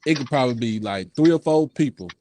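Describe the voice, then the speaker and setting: A man's voice: mid-range voice, lively intonation, fairly quick, mellow. A man guesting on a live sports chat over his phone, talking earnestly with many restarts and fillers. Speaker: guest who runs his own sports live stream. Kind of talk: casual live-stream chat. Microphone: phone on a call.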